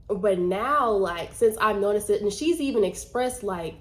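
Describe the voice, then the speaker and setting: A woman's voice: mid-range voice, expressive, moderate pace, few pauses. A woman trader in a casual vlog, talking earnestly and chattily, with lots of "like" fillers. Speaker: vlogger and trader. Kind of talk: casual talk to camera.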